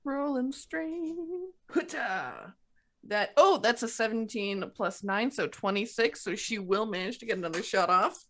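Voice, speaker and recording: A woman playing a tabletop game, calling out dice results and narrating her character in lively table talk. Her voice is mid-pitched and easy, often breaking into laughter between lines. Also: normal speed. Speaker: player.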